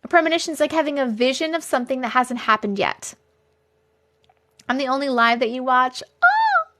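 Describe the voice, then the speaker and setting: A young woman with a high voice hosts a casual live stream. She chats and laughs easily and answers viewer comments as they arrive. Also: fairly quick, fairly bright tone, a little hiss or hum. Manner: chatty, laughs often, reacts to comments. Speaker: live-stream host reading viewer stories.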